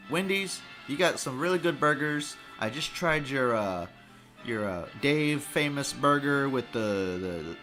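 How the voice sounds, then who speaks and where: A man hosting a podcast, rambling through a profane, excitable comedic food review. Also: mid-range voice. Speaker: podcast host.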